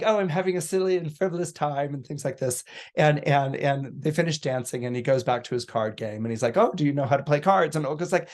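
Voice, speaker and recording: A man on a podcast retelling a story in a casual, animated way, full of restarts and fillers. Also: mid-range voice. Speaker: podcast astrologer guest.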